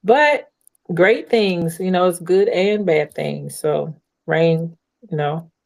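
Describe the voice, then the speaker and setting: A woman's voice: fairly low pitch, takes it slowly, gravelly, a little mellow. A woman hosting a casual podcast, laughing easily and speaking about faith and gratitude. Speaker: podcast host.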